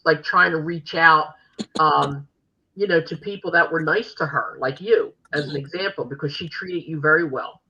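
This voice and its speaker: A woman's voice: low voice, normal speed, pushed and bright, breathy edge, lo-fi sound. A woman podcast host telling stories in casual interview chat, rambling with fillers and restarts. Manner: chatty storytelling with many fillers and restarts.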